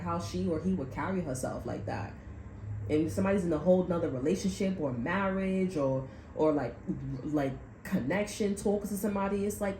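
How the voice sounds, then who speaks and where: A woman's voice: lowish voice, warm tone, reverberant, a little hiss or hum, poor audio. Blunt, cursing woman tarot reader. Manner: blunt and profane, acts out people's quotes. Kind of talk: casual tarot reading monologue.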